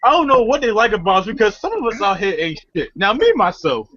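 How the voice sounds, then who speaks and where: A podcast co-host, a man with a high-pitched, fast voice, launches into a profane, comedic rant. He's animated and laughs often throughout. The sound is lo-fi.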